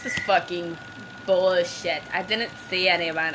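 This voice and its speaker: A woman playing a video game with a cousin, trash-talking loudly and then sulking in a low mumble. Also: fairly even intonation, a little slow, a little hiss or hum. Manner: loud, swings between yelling and mock-sulky mumbling. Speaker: podcast host playing a game. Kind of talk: casual gaming banter.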